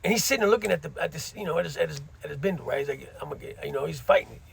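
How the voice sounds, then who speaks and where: A man's voice: on the high side, racing, vocal fry, breathy edge. A middle-aged man casually telling a story from his time in prison, using street slang and frequent asides.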